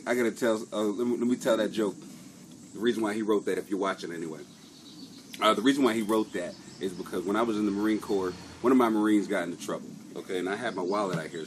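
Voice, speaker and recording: A man's voice: lowish voice, noisy background. A man who is a comedian, chatting casually to viewers on a live stream, rambling, swearing and laughing through his stories. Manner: rambling, profane, laughing storyteller.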